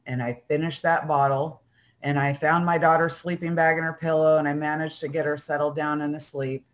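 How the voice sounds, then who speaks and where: A middle-aged woman telling her own recovery story as a heartfelt personal testimony, halting, with fillers and restarts. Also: deep voice, flat delivery, low-quality recording. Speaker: speaker sharing recovery story.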